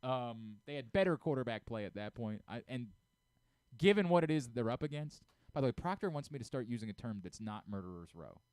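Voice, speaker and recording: A middle-aged man holding forth on a sports talk show, his voice leaping from low grumbles to loud, high-pitched outbursts. He speaks into a close studio mic with a dry sound and no room echo. His pitch sits in the middle of the male range. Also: smooth. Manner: animated, ranting, rapid swings from muttering to shouting. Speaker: sports radio host. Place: radio studio.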